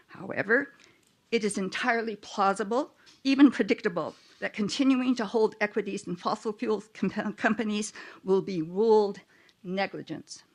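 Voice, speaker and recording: Firm woman reading a public comment. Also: mid-range voice. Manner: firm, urgent, reading out quotes. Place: public meeting room.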